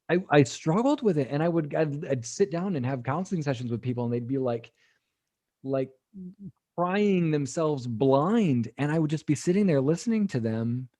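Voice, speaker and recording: A man, an executive pastor, talking as a podcast guest in a reflective, hesitant way with many pauses and restarts. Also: fairly high pitch, mellow, no room sound. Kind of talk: casual conversation.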